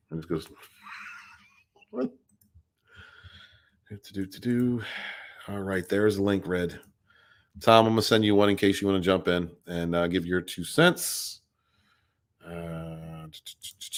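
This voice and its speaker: A man runs a casual livestream podcast and chats with a somewhat low-pitched voice. He rambles, repeats himself and keeps talking to fill any silence. He greets viewers by name as he goes. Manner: rambling, fills dead air, greets chat by name.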